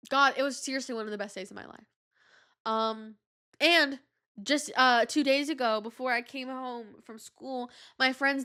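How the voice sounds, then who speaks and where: A young woman hosts her podcast in loose, casual chat. She gushes and repeats herself, with a voice pitched a bit high. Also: a bit bright. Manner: gushing, effusive, repeats herself. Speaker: podcast host.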